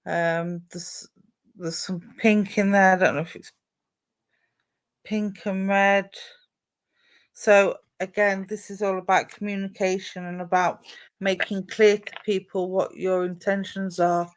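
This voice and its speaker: A woman working as a psychic medium on a live stream, talking gently and reassuringly to viewers and calling them endearments. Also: medium pitch, level tone, unhurried. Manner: gentle, reassuring, calls listeners "my darling".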